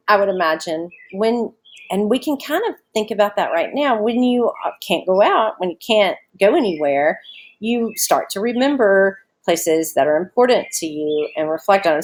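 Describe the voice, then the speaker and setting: A woman with a Southern US accent teaches a literature lesson to students at home. Her voice sits at a middle pitch, and her talk is casual and conversational. She breaks the text down step by step and often stops to ask her listeners questions. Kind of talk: recorded remote lesson on a short story.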